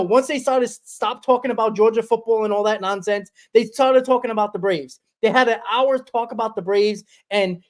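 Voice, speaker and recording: Sports stream host rambling about the game, mid pitch, lots of restarts. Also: a little mellow. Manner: rambling, repeats himself. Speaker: podcast host. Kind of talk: casual sports talk.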